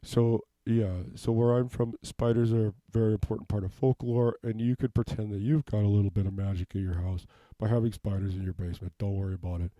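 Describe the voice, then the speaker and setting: A man rambling through an improvised comedic monologue in a deadpan way, asking "okay?" over and over. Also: on the low side, brisk, hardly any pauses, no echo, muffled recording. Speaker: comedic self-tape performer. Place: home basement.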